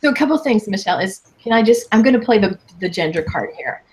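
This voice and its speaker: Woman in her 50s, animated coach chatting, punchy and emphatic, acts out little quotes. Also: medium pitch, fast talker. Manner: lively, emphatic, quotes people in playful voices. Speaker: guest coach. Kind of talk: casual interview chat.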